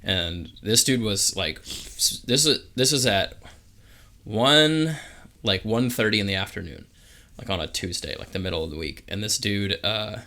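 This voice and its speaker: A man's voice: fairly low pitch, expressive, unhurried, bright, forceful tone. A young man co-hosting a podcast, telling a story in a laid-back way, swearing freely and filling with "like". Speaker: podcast co-host. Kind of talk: casual chat.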